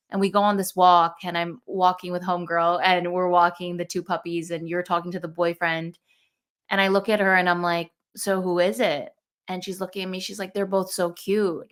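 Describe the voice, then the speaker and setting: A young woman telling a personal story in casual conversation, animated and acting out the thoughts she quotes. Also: lowish voice, a little fast. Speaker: podcast guest.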